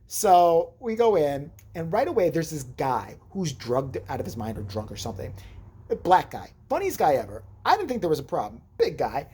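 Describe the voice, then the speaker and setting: A woman's voice: low voice, huge pitch swings, normal speed, warm tone, a little hiss or hum. A woman vlogger telling a rambling, profane story in casual chat, acting out the people she quotes.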